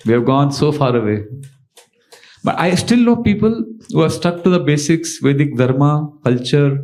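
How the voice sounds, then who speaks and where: A man's voice: a little high, lively intonation, moderate pace, darkish tone. Man lecturing. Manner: storytelling, conversational lecturing with fillers. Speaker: monk and lecturer. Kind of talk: sermon.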